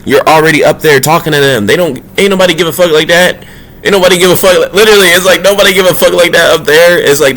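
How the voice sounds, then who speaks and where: Slangy, animated man riffing on spirituality. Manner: loose, slangy, profane street talk; animated, swinging between low and high emphatic bursts. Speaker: spiritual vlogger. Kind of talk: casual spiritual monologue.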